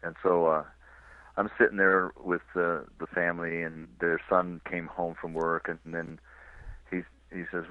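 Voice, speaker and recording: A man from California, a touring cyclist, telling his road stories on a radio interview in a relaxed, rambling way. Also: low voice, a little slow, no echo. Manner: relaxed rambling storyteller with restarts and small laughs. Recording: tinny dry phone line.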